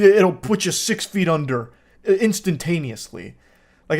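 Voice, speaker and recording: A man giving sardonic, incredulous comedic commentary while reading text messages aloud. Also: a little high.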